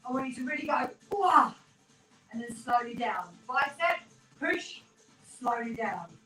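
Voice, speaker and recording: Slightly out of breath, a fitness instructor coaches a live home workout with lively intonation and a moderate pace, upbeat and encouraging as she counts reps. Her voice sits high and bright. There's no microphone; the camera captures her from across a small, echoey room in a terraced house, faint workout music behind her.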